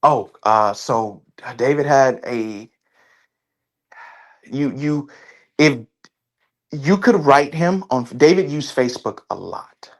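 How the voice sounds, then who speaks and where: A man speaking as an interview guest in casual conversation, halting often and restarting his sentences. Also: medium pitch, expressive. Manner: halting, with many restarts and fillers.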